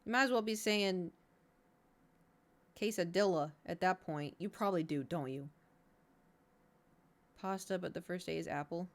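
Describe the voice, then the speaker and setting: A woman's voice: lowish voice, normal speed, pauses often. A woman streamer chatting casually with her viewers, rambling and poking fun at herself. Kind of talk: casual live-stream chat.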